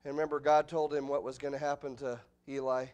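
A middle-aged man preaching an expository sermon in a church, animated, with the voice leaping up when acting out quotes. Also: medium pitch, fast talker, clean tone. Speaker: pastor. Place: church sanctuary.

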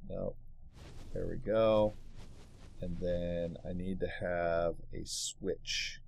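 A man's voice: low voice, steady tone, very slow, creaky, a little mellow. A man hosting a let's play, talking casually to himself as he builds and getting easily aggravated, recorded in his home office. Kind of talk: casual gameplay commentary.

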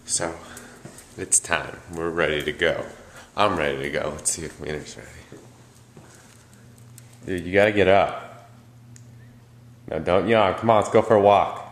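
Low-voiced casual young man vlogging. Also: moderate pace, long pauses, echoey room. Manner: casual, sweary, talks to his dog. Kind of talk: casual daily vlog.

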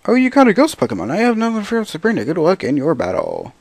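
A man voicing a chirpy, helpful game guide character in a quick, high, cheery read-out. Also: wildly swooping pitch, vocal fry, no echo, full character voice.

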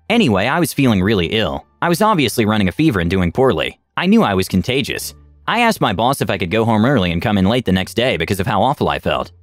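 A man narrating online stories in an expressive, scripted reading. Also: medium pitch, dry recording. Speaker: story narrator.

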